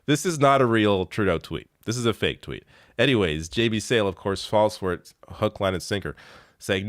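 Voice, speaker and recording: Youngish guy rambling through chat comments live, lowish voice, laughs a lot, swears casually, dry close sound. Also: expressive, normal speed, no room sound. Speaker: live show host.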